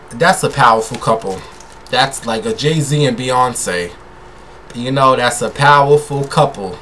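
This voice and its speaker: Here the same kind of tipsy vlogger dishes celebrity gossip at medium pitch with a fairly bright tone. His casual rant to viewers is cheeky, loud-mouthed, and full of swearing, over slight background noise.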